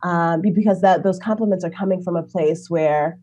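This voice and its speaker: A woman speaking as an interview guest, talking in an animated way and laughing often. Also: brisk, highs cut off. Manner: animated, acts out quoted people with big pitch jumps, laughs often. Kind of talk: conversational interview.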